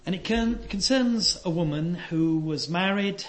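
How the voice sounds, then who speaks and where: An older man preaching a sermon, earnest and emphatic, dropping to soft asides. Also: high-pitched, measured pace, slight background noise. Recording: echoey hall.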